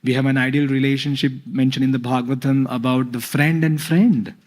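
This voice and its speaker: A man giving a scripture talk, pausing often with fillers. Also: mid-range voice, steady tone, darkish tone. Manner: hesitant, many fillers. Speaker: spiritual speaker.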